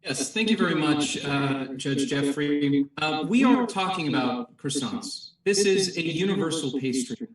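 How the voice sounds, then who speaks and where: A man doing an improv bit as a lawyer arguing for croissants, with grandiose, mock-patriotic speechmaking. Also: high voice. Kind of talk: mock courtroom argument. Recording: roomy echo, distant from mic.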